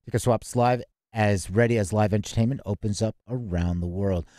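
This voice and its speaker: A man's voice: lowish voice, normal speed, dark tone, no room sound, clean studio sound. A man hosting a casual music industry news chat, reading headlines and then riffing loosely with plenty of fillers. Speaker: podcast host.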